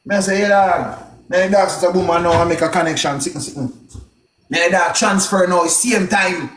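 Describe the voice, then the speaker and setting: A young man with a Jamaican accent telling a story casually, in a heavy patois with shouted exclamations. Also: sits high, normal speed, echoey room, a little hiss or hum. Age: young adult.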